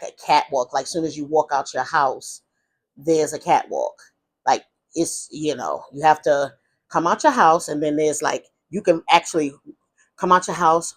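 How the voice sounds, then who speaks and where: A woman, casually telling a personal story, rambling and restarting often. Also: sits low. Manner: rambling, with many restarts and repeated "whatever the case may be". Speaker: vlogger.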